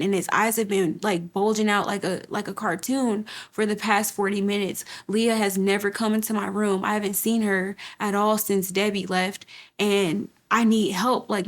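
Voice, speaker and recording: A young woman telling her personal story as an interview guest, halting and repeating herself while quoting what others said. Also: mid-range voice. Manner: halting, repeats words, quotes others vividly. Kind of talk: emotional personal testimony.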